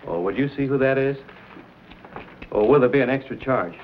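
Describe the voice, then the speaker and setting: An actor playing a confident young frontier hero in a 1950s TV western, plain-spoken and dry-humored. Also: male voice, mid-range voice, animated, normal speed, slight background noise, close to an everyday voice. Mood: wry. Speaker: narrator. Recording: dull lo-fi 1950s TV soundtrack.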